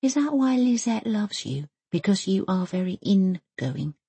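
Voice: medium pitch, sing-song, a little slow, creaky, dark tone, breathy edge, no room sound, pitched above the performer's own voice, exaggerated voice. An audiobook narrator voicing a spirited, stubborn young girl who keeps asking pointed questions. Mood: probing. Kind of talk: audiobook character voice.

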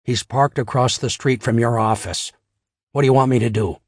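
A man's voice: medium pitch, fairly even intonation, moderate pace, no echo, studio quality, lightly acted. A man voicing a matter-of-fact male watcher who reports what he has seen over the phone in an audiobook. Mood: reporting.

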